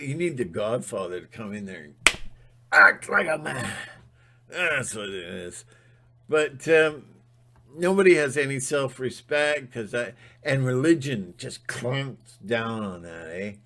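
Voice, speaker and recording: Male channel host, fired-up ranting monologue, unhurried but intense. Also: mid-range voice, expressive. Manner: emphatic, fired-up, sometimes shouting.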